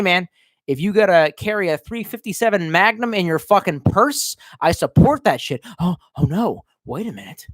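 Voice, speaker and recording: A drunk man from Baltimore rants on his stream, profane and mocking. His pitch swings widely as he jumps between yelling and low muttering. The sound is dry and close. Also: dry recording. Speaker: streamer reading chat. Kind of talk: casual livestream rant.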